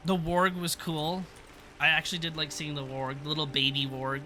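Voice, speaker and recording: A man's voice: fairly high pitch, flat delivery, moderate pace, pushed and bright, slight background noise. A young man chatting casually on a live stream, reviewing a TV episode in a rambling, laughing way. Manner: rambling, self-interrupting, laughs often.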